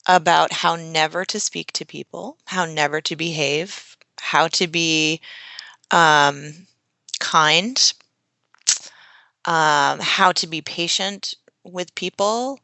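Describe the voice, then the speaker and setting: Slow, gravelly, bright-toned woman guest. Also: deep voice, no room sound. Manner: earnest, emotional storytelling with frequent fillers. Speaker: guest, social media strategist. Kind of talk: conversational storytelling interview.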